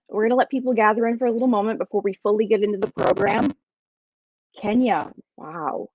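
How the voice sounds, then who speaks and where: A woman guest-hosting a live podcast, bubbly and excitable, greeting viewers with lots of exclamations. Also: medium pitch, no echo. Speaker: guest host. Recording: dry, slightly dull sound.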